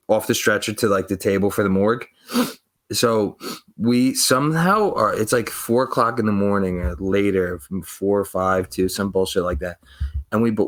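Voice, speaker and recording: A man's voice: lowish voice, fairly bright tone. A young man, telling profane, rambling stories on a podcast and acting out the people in them. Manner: profane, rambling, acts out quoted voices. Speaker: podcast co-host. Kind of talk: casual storytelling.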